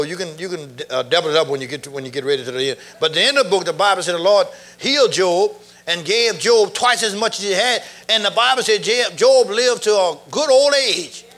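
A middle-aged man preaching a sermon, animated, laughing and shouting as he goes. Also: high-pitched.

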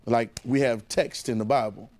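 A man preaching a sermon in call-and-response style, repeating phrases and swinging between loud and hushed delivery. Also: mid-range voice, moderate pace.

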